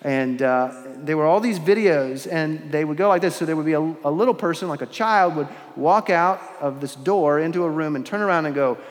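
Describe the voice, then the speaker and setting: Male preacher, fairly high voice, earnest measured sermon, long cathedral reverb. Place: large church with long reverb.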